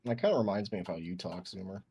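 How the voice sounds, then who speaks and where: Fast-talking brash young man. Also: sits low, dark tone, husky. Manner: brash, crude trash talk. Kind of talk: casual gaming chat with friends.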